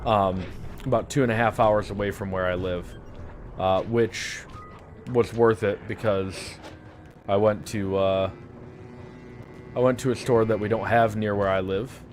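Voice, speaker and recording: A young man with a noticeable lisp rambles through casual live-stream chatter, full of puns and filler words. His voice sits fairly low. Soft music plays faintly underneath. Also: steady tone, a little slow, long pauses. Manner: rambling, joking, punning, many fillers. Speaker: game streamer.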